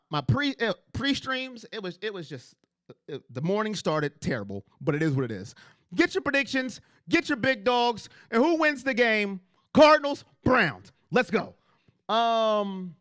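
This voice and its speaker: A man's voice: high voice, fairly bright tone, dry recording, clean studio sound. A man hosting a casual fan livestream on a headset mic, talking emphatically and repeating himself as he speaks straight to his chat.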